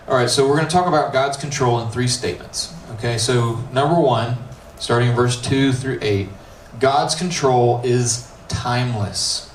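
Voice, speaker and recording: A man's voice: medium pitch, moderate pace, few pauses. A man with an American accent, a middle school pastor preaching a casual youth sermon, reading scripture and joking with slangy asides. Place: church youth room. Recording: roomy, distant, faint hiss.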